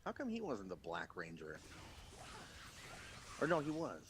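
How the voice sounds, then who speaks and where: Low-voiced rambling man chatting. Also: wildly swooping pitch, measured pace, background noise. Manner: rambling, filler-heavy, laughs often. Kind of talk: casual chat while gaming.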